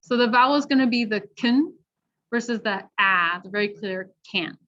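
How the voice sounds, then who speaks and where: An American woman teaching an online pronunciation workshop, encouraging and explaining clearly with examples. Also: mid-range voice, a little fast, bright, forceful tone. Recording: dull lo-fi video call audio.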